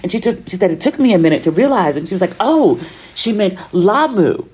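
An American woman hosting a podcast, telling travel stories in a chatty, animated way and acting out the voices of people she quotes. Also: fairly low pitch, racing, breathy edge. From United States. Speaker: podcast host. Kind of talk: casual monologue.

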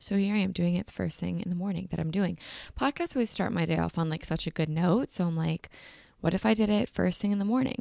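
A woman's voice: fairly low pitch, gravelly, warm tone, no echo, clean studio sound. A young woman hosting her podcast in casual, rambling chat, with a groggy morning voice. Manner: chatty, rambling, upbeat. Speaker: podcast host.

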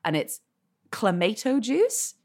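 A woman's voice: medium pitch, slow pace. A woman guest on a podcast, telling funny stories in casual chat, with lots of restarts and laughing asides. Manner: chatty, many restarts, animated laughing asides.

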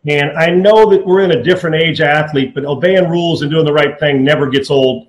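A man hosting sports talk radio, blunt and opinionated, talking fast with many restarts. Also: fairly high pitch, steady tone, roomy sound, rough recording.

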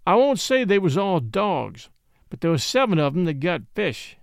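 Gloomy frontier dog-driver, voiced by a man, slow grave drawl, high gravelly voice, dry close sound. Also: sing-song, no room sound, full character voice. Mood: grave, insistent.

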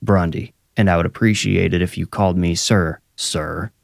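A man's voice: sits low, fairly even intonation, fairly quick, gravelly, no room sound, clean studio sound. A man playing a skinny young fake police officer, curt and officious with a menacing edge. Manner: curt, officious, hesitant when pressed.

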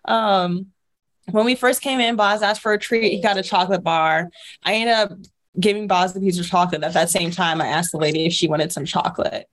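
A young woman co-hosting a podcast, telling a story in a casual, chatty way full of fillers and quick laughs. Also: medium pitch, a bit bright. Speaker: podcast co-host.

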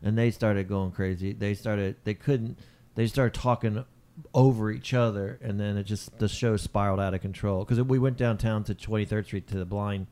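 A man's voice: lowish voice, steady tone, moderate pace, warm tone. A man co-hosting a comedy podcast, recalling a show that spiraled out of control. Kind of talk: casual comedy podcast chat.

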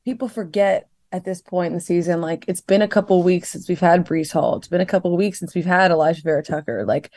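A woman's voice: lowish voice, fast talker, few pauses, a little mellow, no echo. A young adult woman giving casual sports analysis, rambling with lots of fillers and a wry, sarcastic edge. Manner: rambling, filler-heavy with frequent "like". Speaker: guest analyst.

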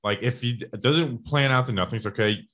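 A man's voice: mid-range voice, fairly quick, fairly bright tone, dry recording. A man co-hosting a sports podcast, chatting casually and rambling through stats with plenty of restarts.

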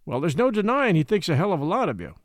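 A man's voice: high-pitched, very animated, fast, no echo. A man voicing a dry, wry middle-aged dog musher who needles his companion innocently.

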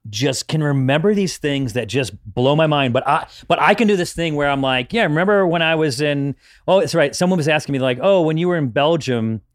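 Amused man with a slightly higher voice. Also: a little fast, few pauses, no room sound, clean studio sound. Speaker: podcast guest. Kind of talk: casual chat.

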